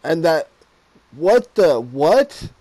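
Animated man commentating his football video game. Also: a little high, very slow, dry recording. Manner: swings from mumbling asides to loud exasperated outbursts, swears often. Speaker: gaming YouTuber playing a football video game. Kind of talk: casual live gameplay commentary.

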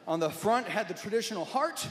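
Animated stand-up comedian man, echoey hall. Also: high-pitched, fast. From Nebraska, USA. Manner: animated, jokey storytelling. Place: large venue with audience. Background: loud audience laughter.

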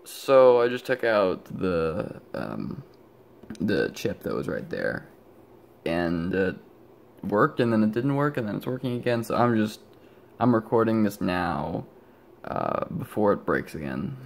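A man's voice: fairly low pitch, very animated, unhurried, creaky. A young man rambling casually about his electronics build, sleepy and often stopping himself mid-thought, recorded on a handheld camera at home. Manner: rambling, self-interrupting, sleepy and yawning. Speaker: electronics hobbyist vlogger. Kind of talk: rambling casual show-and-tell.

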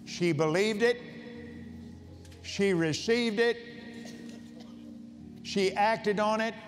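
A man's voice: high-pitched, extremely slow. A man preaching a sermon to a convention crowd, telling a personal story in a heartfelt way, often repeating words as he searches for them. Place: large convention hall. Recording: long hall reverb, faint music.

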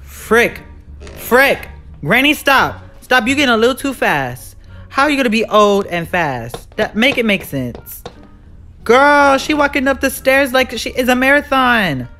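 With faint music behind, a medium-pitched, sing-song voice with a sharp tone commentates a horror game at a measured pace. The gamer is jumpy and sassy, shrieking in fear, repeating exclamations, and retorting to the villain.

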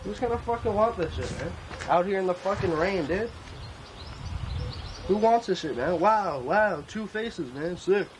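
High-voiced man ranting profanely outdoors. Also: lively intonation, measured pace. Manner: profane rambling rant, peppered with "man" and "bro". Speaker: clothing designer. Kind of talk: comic mock-documentary rant. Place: outdoors at a tent campsite. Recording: noisy outdoor recording.

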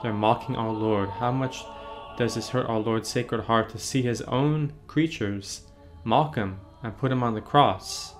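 A man, a priest, leading a catechism meditation on a painting, gently asking the listener questions and answering them. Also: medium pitch, measured pace, soft background music.

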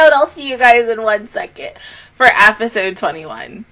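A woman's voice: a little high, animated, moderate pace, bright, forceful tone. A woman hosting an anime reaction video, talking emotionally and effusively, full of "like" and swearing.

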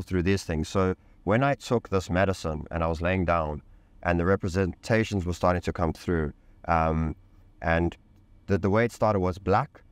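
A man with a very low, deep voice tells a personal story in an interview, recorded close and dry with no room sound. He speaks with intense emphasis, uses casual slang and swears freely. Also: no echo. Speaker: podcast guest. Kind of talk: candid personal storytelling in conversation.

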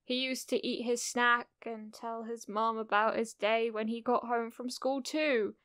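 A woman narrating a cozy fan fiction audiobook in a gentle, unhurried storytelling manner. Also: fairly high pitch, level tone, smooth, dry recording, studio quality.

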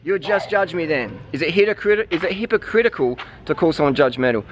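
A man's voice: on the high side, animated, fairly quick, hardly any pauses, noisy background. A man vlogging outdoors, giving a blunt, heavily profane, preachy rant to his viewers. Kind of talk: ranting vlog monologue.

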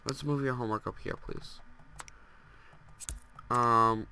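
A man's voice: mid-range voice, fairly even intonation, slow, gravelly, noisy background. A young man with a stuffed-up nose, rambling casually through gameplay commentary and scolding the characters on screen. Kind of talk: casual let's play commentary.

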